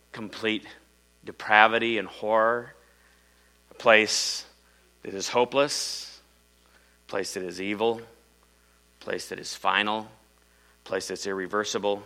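A middle-aged male preacher from Iowa with a lowish, strikingly bright and forceful voice. He tells his story in a dramatic sermon style. Loud pushes alternate with hushed low passages, and a faint hum sits behind him. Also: poor audio.

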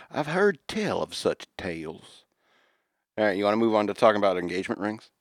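A man's voice: fairly low pitch, very animated, normal speed, no room sound, studio quality. A man co-hosting a casual chat show, reading news stories aloud and joking between them. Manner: jokey, reads stories aloud with asides. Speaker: podcast co-host.

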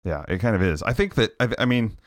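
A man's voice: fairly low pitch, animated, quick pace, no room sound, studio quality. A man co-hosting a gaming podcast, chatting casually and trailing off with fillers like "anyway". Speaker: podcast co-host. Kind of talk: casual chat.

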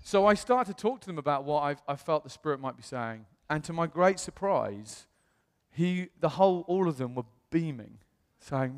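A British man, a pastor, telling a lively personal story in a sermon and acting out the other people's lines. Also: medium pitch, moderate pace. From England. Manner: animated, acts out quoted voices. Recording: long reverb of a large hall.

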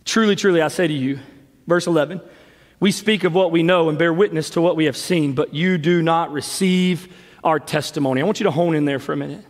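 A male pastor delivers a passionate sermon in a church sanctuary, his fairly high voice swelling into shouts before settling into hushed earnestness. Long reverb hangs off every phrase from the hall. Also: a little fast. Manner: preaches worked up, shouting and sweating, then drops quiet.

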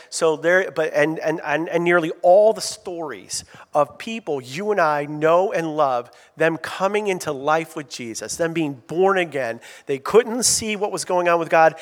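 High-voiced pastor preaching in a reverberant hall. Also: male voice. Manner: animated, asks the congregation to call out answers. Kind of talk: sermon. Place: church sanctuary. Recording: long reverb of a church hall.

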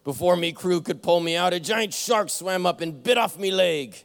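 A man voicing a gruff old male pirate captain in a sermon joke, growling his words in salty sea-dog talk. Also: high-pitched, normal speed, a bit bright. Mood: boastful. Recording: long church hall reverb.

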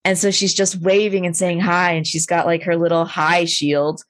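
Low-voiced woman telling a story. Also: moderate pace, dry recording. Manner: animated, swearing, filler-heavy. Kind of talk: casual storytelling.

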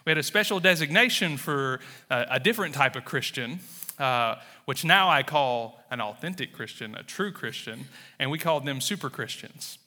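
A man's voice: medium pitch, expressive, moderate pace, sharp tone. A man in his thirties from Mississippi with a Southern drawl, sharing his testimony as a guest preacher in a folksy, self-deprecating way. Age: 30s. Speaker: church planter, guest speaker. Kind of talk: sermon with personal testimony. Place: church sanctuary. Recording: long reverb of a large hall.

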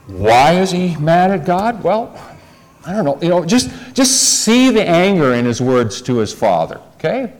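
A male preacher delivering a sermon, talking deliberately and putting rhetorical questions to his listeners. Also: fairly high pitch, very animated. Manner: deliberate, rhetorical questions to the congregation, repeats words.

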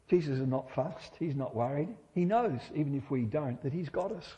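A man's voice: fairly high pitch, lively intonation, normal speed, few pauses, mellow, in a large hall. A middle-aged man preaching a sermon in church, conversational and humorous, often asking his listeners rhetorical questions.

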